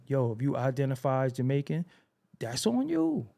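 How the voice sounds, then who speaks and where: Man, podcast host, heated casual talk, lively pitch, warm dark timbre. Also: moderate pace, gravelly. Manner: animated, preachy, swears a lot.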